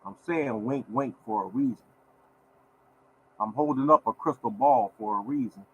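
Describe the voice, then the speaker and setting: A man's voice: medium pitch, moderate pace, slightly rough, lo-fi sound. A man hosting his own lottery podcast, talking in a repetitive, preachy way and scolding his listeners. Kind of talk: casual podcast rant.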